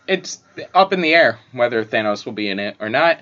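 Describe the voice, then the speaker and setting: A man co-hosting a casual podcast, reading notes with many pauses and ums. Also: medium pitch, animated, pushed and bright. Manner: reads from a list with many ums, keeps the talk on track. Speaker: podcast co-host. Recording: dull lo-fi audio with faint noise.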